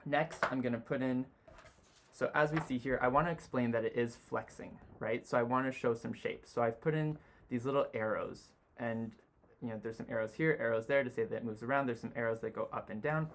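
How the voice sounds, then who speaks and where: Man, design tutor, sketching demo, relaxed, chatty fillers, mid-pitched voice. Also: fairly quick, slight background noise. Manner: relaxed, talks while drawing, many "you know" fillers. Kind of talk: sketching demonstration.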